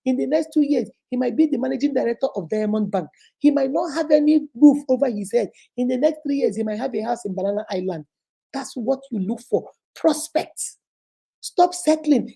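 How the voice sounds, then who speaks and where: A Nigerian-accented woman hosting a motivational talk. She keeps hammering home the same points in an emphatic, preachy way. Her voice is dark and mellow, with a husky, gravelly edge. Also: on the high side. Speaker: motivational speaker and host.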